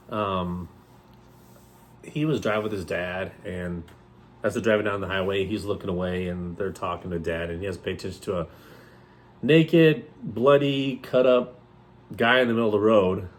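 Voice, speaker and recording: A man with a low voice co-hosts a relaxed horror movie chat. He rambles and jokes, and his sentences often trail off into quieter asides. Faint background noise sits under the talk. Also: normal speed. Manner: joking, jumps into loud playful outbursts. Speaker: co-host of a horror movie review channel. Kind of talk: casual chat.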